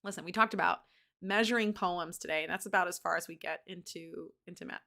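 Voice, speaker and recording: A woman's voice: on the low side, fast, gravelly, sharp tone. A woman reading a novel aloud on a live stream, chatting back to the chat between passages. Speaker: book reader on a live stream.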